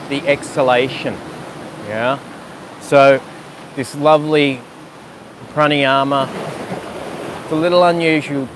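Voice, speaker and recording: Slow, gentle yoga teacher by the sea. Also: male voice, medium pitch, a little hiss or hum. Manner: slow, gentle, soothing cues with pauses. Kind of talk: guided yoga and breathing instruction. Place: outdoors on rocks by the sea.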